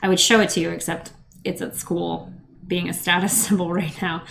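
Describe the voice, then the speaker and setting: Chatty wry woman with gravelly edge. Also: fairly low pitch, level tone, fairly quick, fairly bright tone. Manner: chatty, wry, rambling with asides. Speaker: podcast host. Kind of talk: casual chat.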